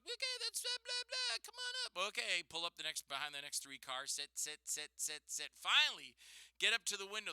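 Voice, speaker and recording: A man's voice: fairly high pitch, pushed and bright, clean tone, no room sound. A man hosting his own live radio show, telling a rambling, exasperated story and mimicking other people's voices. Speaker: host. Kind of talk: casual live radio monologue. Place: small radio studio. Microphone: studio microphone with headphones.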